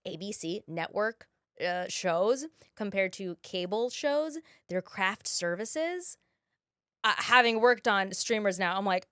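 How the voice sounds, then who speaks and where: A woman's voice: mid-range voice, slow pace, fairly bright tone, clear, resonant tone, dry recording, clean studio sound. A woman in her thirties, an actress guest, chatting animatedly on a podcast, laughing often and restarting her sentences. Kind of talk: casual podcast chat.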